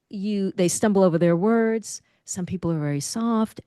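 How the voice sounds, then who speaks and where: Mellow-voiced woman speaking coach. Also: mid-range voice, a little slow, clean tone, no room sound, studio quality. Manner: expressive, demonstrates voice habits. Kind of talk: interview guest giving advice.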